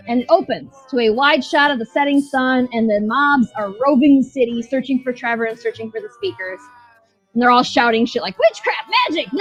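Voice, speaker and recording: A woman with a high, slightly rough voice co-hosts a podcast, chatting casually about a show. She rambles, swears and laughs while retelling scenes, and the sound is dull and lo-fi with faint music.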